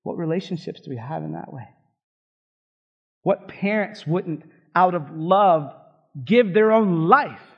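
A man's voice: a little high, expressive, a little slow, creaky, long pauses, husky, lo-fi sound. A man preaching a sermon in a fired-up, conversational way, full of asides to the congregation. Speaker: pastor.

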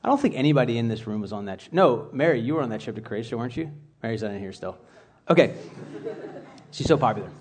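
A man's voice: medium pitch, animated, fast, pauses often, a little mellow. A man giving a casual, conversational sermon to a church group, rambling a little with asides and restarts. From United States. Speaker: church speaker.

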